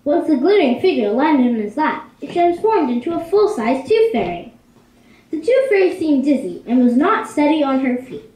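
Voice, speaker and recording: A woman narrating a children's story in an expressive, lively way. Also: sits high, moderate pace, slight background noise. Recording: echoey room.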